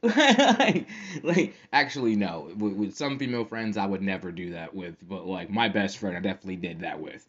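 A man's voice: deep voice, fast talker, hardly any pauses, muffled recording. A man hosting a casual solo podcast, slangy and profane, often laughing as he tells stories. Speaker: podcast host.

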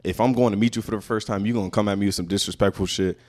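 A man's voice: fairly low pitch, steady tone, racing, darkish tone. A young man from Brooklyn, chatting casually on a podcast and telling stories in a loose, profane way. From Brooklyn, New York.

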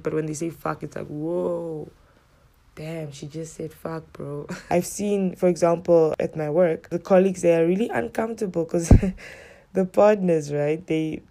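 This woman has a fairly low pitch with vocal fry, and she's ranting casually to camera while recounting stories. Blunt and full of swearing, she animatedly performs what people said.

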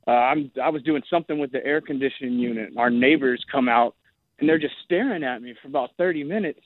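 A man's voice: mid-range voice, fast talker, no room sound. Chatty man caller on a tinny phone line. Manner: rambling, chatty, many fillers. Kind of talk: telling a story on a call-in show.

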